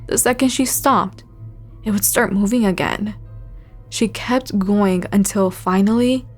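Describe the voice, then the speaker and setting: A woman hosting a channel where she reads subscribers' scary stories aloud, telling them in a measured, suspenseful way. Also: medium pitch, darkish tone, soft background music. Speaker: host reading subscriber stories. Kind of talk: scary story narration.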